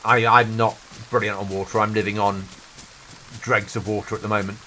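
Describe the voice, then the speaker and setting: A man's voice: fairly low pitch, flat delivery, a little fast, bright, forceful tone, a little hiss or hum, poor audio. A middle-aged British man streaming a game, chatting earnestly and telling stories to a friend. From Britain. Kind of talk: casual chat while gaming.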